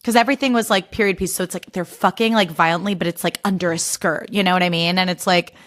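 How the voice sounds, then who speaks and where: A woman's voice: lowish voice, fast. A young adult woman hosting a solo podcast in casual chat, gushing and ranting with lots of swearing. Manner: animated, profane, gushing and ranting. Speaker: podcast host.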